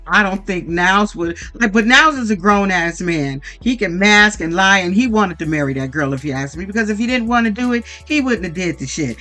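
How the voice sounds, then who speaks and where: A reality TV recap commentator giving a blunt, profane, animated monologue that acts out quoted lines. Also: mid-range voice, fairly quick, few pauses, faint music behind.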